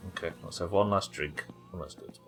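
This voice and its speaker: Joking around with his chat, this gaming livestreamer keeps things casual and profane. His deep voice stays steady and moves at a quick pace.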